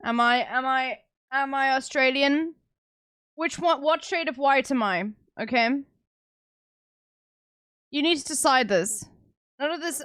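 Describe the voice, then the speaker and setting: High, smooth South African woman. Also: measured pace, pauses often, fairly bright tone, no room sound. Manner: blunt, sarcastic, swears often. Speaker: livestreamer. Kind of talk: casual chat with stream viewers.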